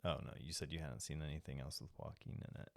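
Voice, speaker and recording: A man co-hosting a podcast, recapping film scenes in a relaxed, rambling way with many fillers. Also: a bass voice, fast, creaky. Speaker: podcast co-host. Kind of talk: casual movie discussion.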